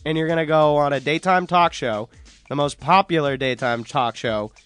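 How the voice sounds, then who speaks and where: A man's voice: on the high side, moderate pace, a bit bright, clear, resonant tone, soft background music. A man co-hosting a podcast, talking in an opinionated, exasperated way. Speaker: podcast co-host. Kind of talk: casual chat.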